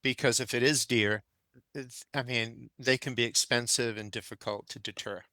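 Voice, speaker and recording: A man's voice: medium pitch, fairly even intonation, normal speed, pushed and bright, dry recording. An older man, a gardening expert and guest on a podcast, talking thoughtfully and with firm opinions. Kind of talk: casual conversation.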